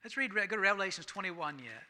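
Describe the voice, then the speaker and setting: A man preaching with a high, very bright and piercing voice. He swings from loud, emphatic passages down to hushed near-whispers. Scripture readings climb in fervor. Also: lively intonation, quick pace, a little hiss or hum. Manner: reads scripture aloud with rising fervor. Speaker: pastor. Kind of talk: sermon.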